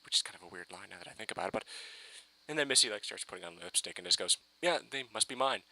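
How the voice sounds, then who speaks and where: A man ranting excitedly in a casual fan review, rambling and swearing with many restarts. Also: sits low, rapid-fire, no echo, poor audio.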